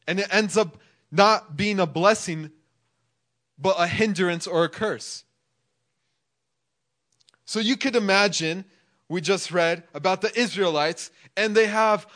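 A man's voice: high voice, a bit bright. A man preaching a casual sermon in a conversational way, full of "like" and acting out people's inner thoughts. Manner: conversational, filler-heavy, acts out inner thoughts.

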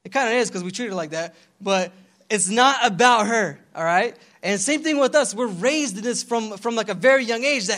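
A young adult man preaching a casual youth sermon in a slangy, animated way, calling for responses from the congregation. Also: very high voice, normal speed. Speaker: pastor.

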